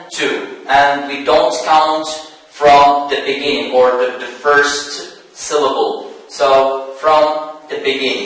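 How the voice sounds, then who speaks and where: A man teaching an English lesson, speaking slowly and repeating key words for his students. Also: mid-range voice, a bit bright. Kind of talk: televised classroom lesson. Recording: echoey room, voice from far off.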